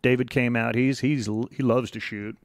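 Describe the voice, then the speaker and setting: A middle-aged man speaks as a guest on an interview show, drifting from one long anecdote into the next. His voice sits at an ordinary pitch for a man. The sound is dry, close and free of room echo. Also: moderate pace. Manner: relaxed, rambling anecdotes with quoted voices. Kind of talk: casual interview storytelling.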